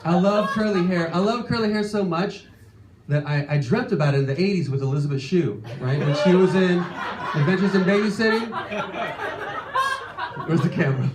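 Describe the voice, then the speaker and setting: A man in his late thirties telling a self-deprecating personal story live on stage, animated and exasperated in places. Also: high-pitched, fairly quick, long pauses, background noise. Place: stage before a live audience. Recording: echoey room, faint ambience.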